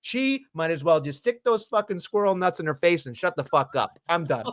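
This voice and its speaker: A man's voice: a little high, lively intonation, normal speed. A man co-hosting a wrestling podcast, blunt and profane, ranting in casual chat.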